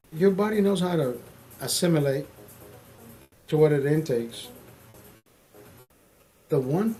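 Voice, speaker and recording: A middle-aged man hosting a stream, telling a story in casual, profane, animated talk, repeating phrases for emphasis. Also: on the high side. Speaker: streamer host.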